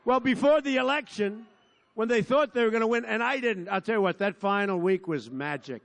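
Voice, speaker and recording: A man in his seventies giving a rambling, boastful campaign rally speech at a large outdoor field, repeating himself and sometimes shouting. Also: sits high, brisk, creaky. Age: 70s. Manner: boastful, digressive, repetitive, bursts into shouting. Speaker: politician at a rally.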